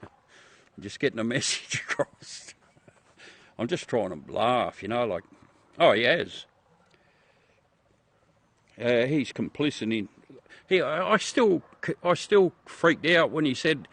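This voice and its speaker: A man's voice: medium pitch, expressive, slow, pauses often, fairly bright tone, dry recording. Man, Australian accent, livestream host, blunt and profane, says mate a lot, dry close sound. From South Australia. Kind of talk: casual chat with viewers.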